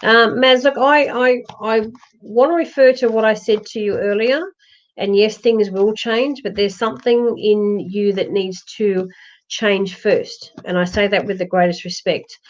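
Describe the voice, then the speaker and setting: This psychic medium, a woman speaking from home during a lockdown, does readings on a live stream in a mid-range voice with fairly even intonation and a measured pace. She rambles reassuringly, with many fillers and restarts, and the livestream audio sounds dull and lo-fi.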